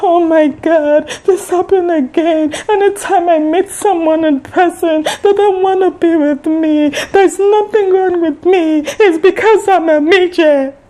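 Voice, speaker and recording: A woman's voice: mellow, low-quality recording. A woman doing a weeping, self-pitying little man. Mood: tearful. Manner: sobbing, high and drawn-out. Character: short adult man, tearful and self-pitying.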